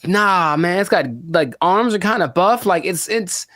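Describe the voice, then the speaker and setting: A man co-hosting a podcast, chatting casually in an animated, rambling way with lots of exclamations. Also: sits high, unhurried, dry recording. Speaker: podcast co-host. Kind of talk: casual chat.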